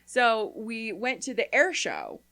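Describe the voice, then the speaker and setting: A woman's voice: a little high, wildly swooping pitch, slow pace, sharp tone. Casual chatty woman co-host. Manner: rambling storyteller, acts out quotes, frequent "like". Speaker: podcast co-host. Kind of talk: casual chat.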